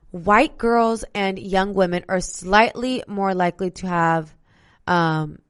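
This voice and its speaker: Female podcast host, young adult, clear and smooth tone, conversational with sarcastic asides. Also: medium pitch. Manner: chatty, addresses listeners directly, sarcastic asides. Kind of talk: casual solo podcast talk.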